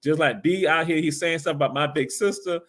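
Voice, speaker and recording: A man's voice: a little high, fairly quick, a bit bright. A man hosting a casual livestream talk show, emphatic and preachy, repeating his points. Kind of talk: casual call-in style talk.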